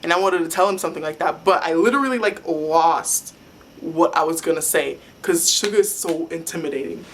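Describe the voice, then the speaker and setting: Young adult woman, chatty fan vlogger, excitable and rambling, a little noise behind her. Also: sits low, a little fast. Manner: rambling and excitable, many "like" fillers. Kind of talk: casual fan storytelling.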